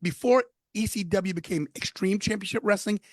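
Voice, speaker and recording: Here a former wrestler in his fifties, Brooklyn-born with a New York accent, is a podcast guest in a relaxed interview. His voice sits high at a moderate pace, with no echo. He tells his stories with animation and emphasis, leaning on repeated phrases.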